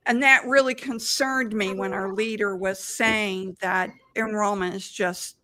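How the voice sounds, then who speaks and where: A woman's voice: mid-range voice, fairly even intonation, a little slow, pushed and bright. A woman hosting an interview, hesitant, with fillers and short agreeing replies. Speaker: host. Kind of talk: casual interview talk.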